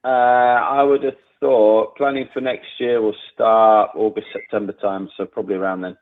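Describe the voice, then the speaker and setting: A man's voice: on the low side, steady tone, moderate pace. A man answering a sales call, polite, laid-back and a bit hesitant, heard over a phone line.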